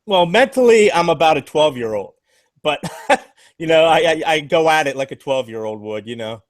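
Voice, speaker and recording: A man's voice: on the high side, animated, normal speed, no echo. Laid-back middle-aged American man host. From mid-Atlantic United States. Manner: laid-back, jokey, says "man" and "dude". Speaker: podcast host. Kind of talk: casual chat.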